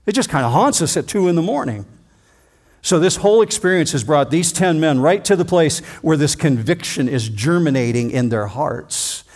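A man preaching an expository sermon, reading scripture dramatically and slowing down to stress key phrases. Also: on the high side, animated, darkish tone.

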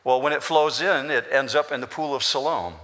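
A man's voice: mid-range voice, a little fast, fairly bright tone. A man preaching a sermon as pastor, explaining scripture in an emphatic, repetitive way in a church. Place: church sanctuary. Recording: long hall reverb.

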